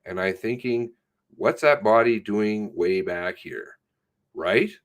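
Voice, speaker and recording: Halting, animated police sergeant retelling. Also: male voice, lowish voice. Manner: halting, profane, self-correcting retelling. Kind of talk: recorded statement recounting an incident.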